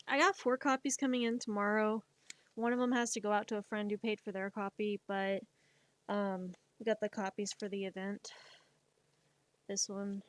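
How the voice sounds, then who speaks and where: A woman streamer and artist chatting casually on a live stream, playfully scolding her cat between topics. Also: on the high side.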